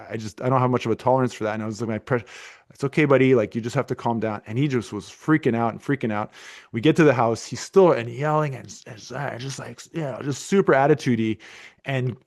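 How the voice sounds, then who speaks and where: A man's voice: medium pitch, darkish tone. A middle-aged man hosting a podcast, telling a long story in a casual, rambling way full of restarts and fillers. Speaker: podcast host.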